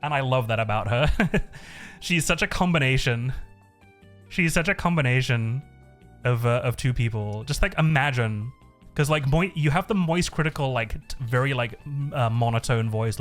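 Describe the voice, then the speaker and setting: A man's voice: mid-range voice, normal speed, a bit bright, soft background music. A man streaming live, chatting casually in a rambling way, swearing a lot and laughing often.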